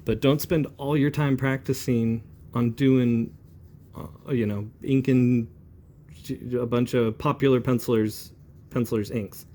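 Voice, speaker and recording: A man in his forties talks calmly while he demonstrates brush inking, rambling a little as he works. His voice sits at an ordinary pitch and sounds mellow and warm. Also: measured pace. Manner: relaxed, rambling, calm and chatty. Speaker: comic book inker.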